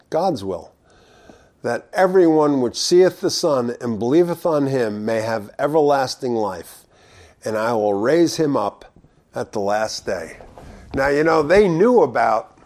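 A man preaching verse by verse, reading scripture aloud and explaining it in a conversational way, with loud emphatic stresses and low quiet asides. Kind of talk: verse-by-verse Bible teaching.

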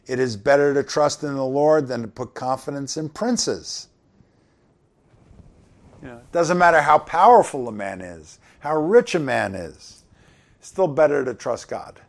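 A man's voice: medium pitch, expressive, unhurried, creaky. Conversational male preacher. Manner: conversational, asks the congregation questions. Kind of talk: sermon.

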